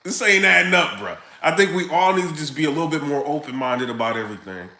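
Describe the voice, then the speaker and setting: A man ranting casually to camera, animated and joking, with lots of slang. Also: fairly high pitch, fast talker, reverberant. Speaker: vlogger.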